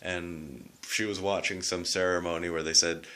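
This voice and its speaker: A man's voice: sits low, steady tone, normal speed, sharp tone. A man with a southwestern Ontario Canadian accent, hosting a loose, rambling video lesson that demonstrates how words are pronounced. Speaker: video host explaining accents. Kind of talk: casual spoken explainer.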